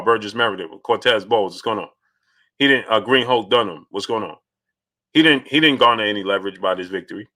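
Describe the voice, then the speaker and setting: A man hosting a casual live stream about boxing, arguing his points with energy while greeting viewers by name and reading their super chats. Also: lowish voice. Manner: animated, greets viewers by name mid-argument.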